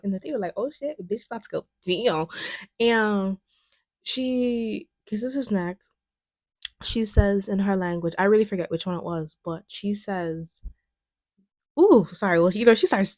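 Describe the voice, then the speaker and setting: A young woman, chatting in a lively, casual way about a film, with lots of fillers. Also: medium pitch, normal speed, dry recording. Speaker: video essayist. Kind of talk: casual film commentary chat.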